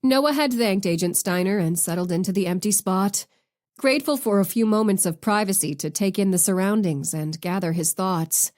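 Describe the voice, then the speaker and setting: Woman audiobook narrator, steady expressive read. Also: medium pitch, moderate pace. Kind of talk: scripted narration.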